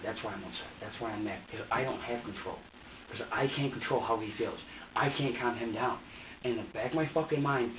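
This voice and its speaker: A man being questioned in an interrogation room, telling his story in a heated, profane, rambling way. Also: mid-range voice. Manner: profane, heated, rambling, quotes both sides of an argument. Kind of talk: agitated recounting in an interrogation. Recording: echoey room, distant muffled mic, faint hiss.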